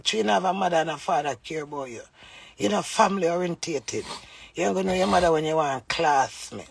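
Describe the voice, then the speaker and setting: A woman's voice: fairly low pitch, creaky, husky, no room sound. A Jamaican woman on a livestream delivers a heated, scolding rant in patois.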